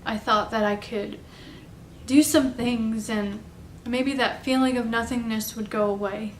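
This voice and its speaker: A young woman telling a personal story in a halting, confessional way, at home. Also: a little high, steady tone, distant mic. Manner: halting, confessional, soft-spoken. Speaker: vlogger telling her story. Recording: roomy, off-mic, faint background noise.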